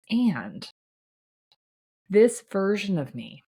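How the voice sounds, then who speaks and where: A woman's voice: deep voice, unhurried, a little mellow. A woman hosting a solo podcast as a life coach, talking in an earnest, reassuring way with frequent "right?" asides.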